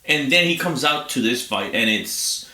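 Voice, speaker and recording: A man's voice: mid-range voice, expressive, moderate pace, bright, forceful tone, roomy sound. A man co-hosting a fight review podcast, talking bluntly and swearing often. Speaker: podcast co-host. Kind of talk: casual chat.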